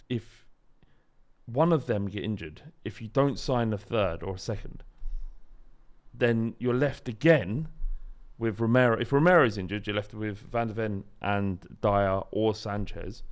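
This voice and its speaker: A man chatting and ranting on a football podcast, animated and jokey. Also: on the low side. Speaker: podcast host. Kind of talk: casual podcast banter.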